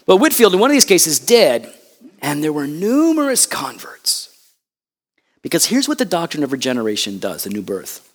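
A man preaching a sermon, impassioned and conversational, with loud emphatic peaks and quick asides. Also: on the high side, big pitch swings. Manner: conversational asides and acted quotes. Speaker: pastor.

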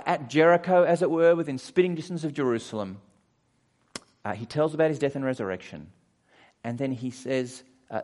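A man preaching a conversational sermon, acting out quoted voices as he goes. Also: medium pitch.

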